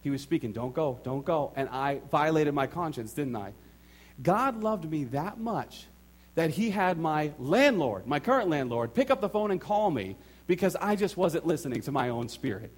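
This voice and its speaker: A man preaching a sermon, telling a personal story with animated acted-out quotes and repeated phrases for emphasis. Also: on the high side, moderate pace. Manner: animated storytelling, acts out his own and others' quotes. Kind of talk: sermon testimony.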